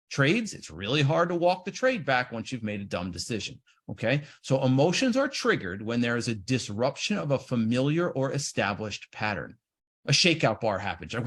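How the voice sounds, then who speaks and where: A man giving an animated seminar talk on trading, acting out the inner voices of traders. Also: mid-range voice, husky. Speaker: trading educator.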